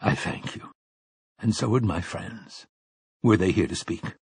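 A man voicing a weary, laconic gunslinger who speaks low and quietly in old-fashioned words, his voice hoarse and trembling. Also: fairly even intonation, unhurried, no echo, full character voice. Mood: hushed, grave. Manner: low, quiet, archaic speech. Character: weary aging male gunslinger, grave and laconic.

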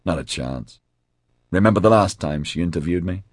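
A good-natured man with a wry, self-mocking way of talking, voiced by the narrator. His voice is deep, husky and lively. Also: normal speed, no echo, clean studio sound.

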